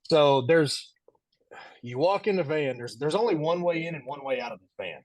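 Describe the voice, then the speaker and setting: A man's voice: fairly high pitch, animated, moderate pace, dry recording. A man guest on a podcast, telling stories casually and animatedly, laughing often and acting out the quotes. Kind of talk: casual storytelling.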